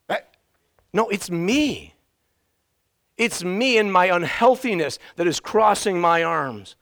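Animated gravelly-voiced male pastor. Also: high-pitched, takes it slowly, long pauses. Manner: animated, swings from soft asides to shouting. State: out of breath. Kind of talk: sermon. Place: church sanctuary.

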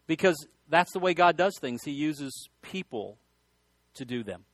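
High-voiced man preaching a sermon. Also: expressive, unhurried, fairly bright tone, no room sound. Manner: folksy storytelling with repeated restarts. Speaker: pastor.

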